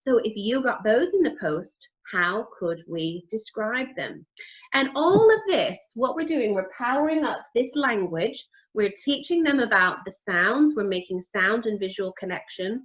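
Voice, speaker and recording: Woman, literacy trainer, clear expressive teacher voice, slightly muffled recording. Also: medium pitch, moderate pace, hardly any pauses. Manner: clear, expressive teacher voice modelling words for children.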